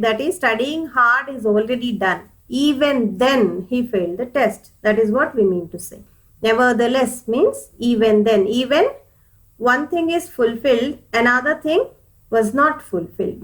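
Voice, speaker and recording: A woman teaching an English grammar lesson, explaining patiently and repeating her points, with a fairly high voice. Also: rough recording. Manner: patient, repeats points, addresses viewers as dears.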